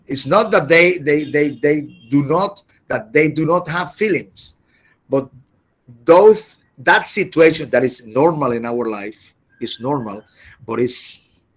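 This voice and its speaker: A man teaching an English class over a video call, halting and often repeating words as he explains. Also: fairly high pitch. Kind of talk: online class lecture.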